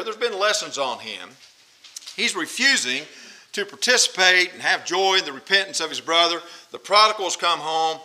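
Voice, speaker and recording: Animated, bright-voiced preacher. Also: male voice, on the high side. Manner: animated, acts out angry quotes, repeats himself. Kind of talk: sermon.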